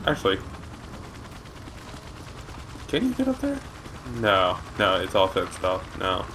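A young man talks casually over his game on a headset, rambling and cracking jokes in a lowish voice. Game sounds run clearly underneath. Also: wildly swooping pitch, moderate pace, background noise. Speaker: gaming video host. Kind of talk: casual let's-play commentary.

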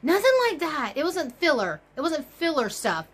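A rambling woman crochet vlogger talks casually from home, gushing and exclaiming as she jumps between thoughts. Her voice sits a little high for a woman. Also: sing-song, moderate pace, a bit bright. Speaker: crochet YouTuber. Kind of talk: casual chatty vlog.

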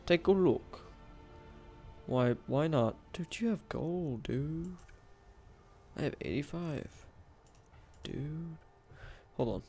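A goofy young man giving excitable, jokey commentary while he plays a video game. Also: fairly high pitch, takes it slowly, pauses often, faint music behind. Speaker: gamer, video host. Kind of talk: casual let's-play commentary.

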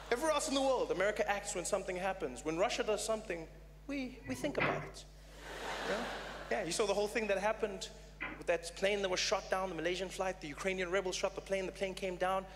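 High-voiced man doing stand-up in a big hall. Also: noisy background. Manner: animated, conversational storytelling. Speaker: stand-up comedian. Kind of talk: stand-up comedy performance. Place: live comedy stage.

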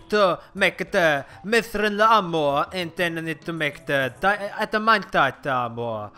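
Young guy talking over his game, high bright voice, swears a lot, keeps restarting sentences, quiet music under it. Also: expressive, takes it slowly. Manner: rambling, swears freely, many restarts and fillers. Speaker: gameplay commentator. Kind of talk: casual game commentary.

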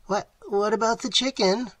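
A man's voice: high voice, moderate pace, a bit bright, no room sound, voice pushed up. A man voicing a stout, hungry, self-pitying man who wails and pleads, read as part of an audiobook. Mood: dismayed.

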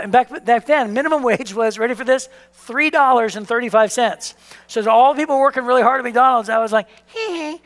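A male pastor in his fifties delivers a sermon in a long-echoing church hall. His voice sits very high for a man, with a gravelly edge, and he tells stories animatedly, acting out the voices. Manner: animated storytelling, acts out voices.

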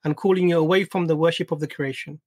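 A man hosts a live panel debate with a slightly raised pitch, leading his caller with patient questions. His voice sounds dry and close, with little room around it. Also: fairly even intonation, fast, a little mellow, no room sound. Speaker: panel host. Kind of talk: live stream debate discussion.

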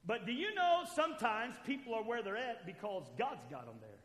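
A man preaching a sermon as pastor, swinging between loud calls to the church and quiet asides. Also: very high-pitched, big pitch swings, a little fast. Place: church sanctuary. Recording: echoey church hall.

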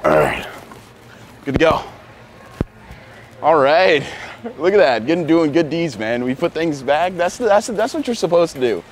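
A man hosting a street prank video, talking in a pleading, playful way with big swings in pitch, outdoors and inside a big store. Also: very animated, normal speed, pauses often, a little hiss or hum.

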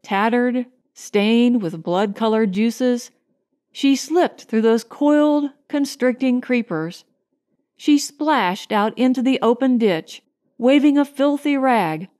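A woman reading a science fiction short story aloud in a measured, grave storytelling manner. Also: a little high, a little mellow. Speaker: audiobook narrator. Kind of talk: scripted narration.

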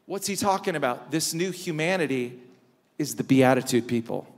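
A male pastor with a mid-range, animated voice delivers a sermon in a large church hall, the recording full of church reverb. He preaches with emphatic repetition, repeating lines for emphasis and adding dramatic pauses, and the sound is big and echoey.

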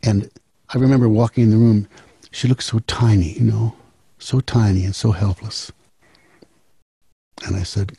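A man's voice: on the low side, a little slow, vocal fry, pauses often, warm tone, breathy edge, no room sound. A man in his seventies telling a family story in a casual, wry, rambling way. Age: 70s. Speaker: musician and storyteller.

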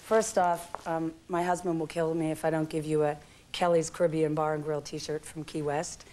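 Low-voiced chatty woman on a talk show. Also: level tone, normal speed, darkish tone, slight background noise. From California. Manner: chatty storyteller, laughing often. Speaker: guest actress. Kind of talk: talk show guest chat. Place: TV studio.

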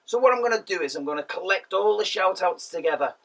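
A man with a husky voice presenting a children's programme, chatty and asking the audience questions. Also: high voice, expressive, fast talker, fairly bright tone, far from the mic, low-quality recording.

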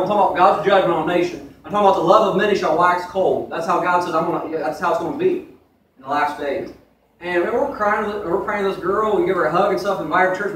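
Young man, high-voiced, rapid conversational preacher, recorded from afar in a very echoey church. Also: a bit bright, a little hiss or hum. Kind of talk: sermon. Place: church sanctuary. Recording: echoey room from far off.

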